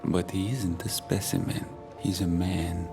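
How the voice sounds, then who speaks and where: An actor playing a calm, earnest male scientist with a visionary streak. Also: sits low, measured pace, vocal fry, music in the background.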